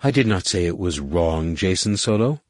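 A man reading a calm, enigmatic female alien mentor in an audiobook, speaking slowly and in measured questions. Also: low-pitched, no echo, clean studio sound. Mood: calm riddling.

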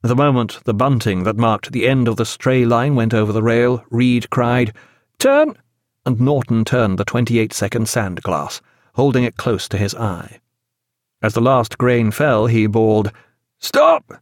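With a mid-range voice, a man narrates a novel for an audiobook, using a measured and expressive storytelling style. The studio-quality recording has no room sound.

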